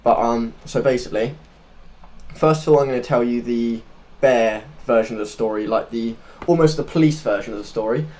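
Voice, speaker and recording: A man's voice: medium pitch, a little fast, darkish tone. Earnest rambling man. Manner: earnest, loose and rambling, searching for words. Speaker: podcast co-host. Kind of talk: unscripted conversational storytelling.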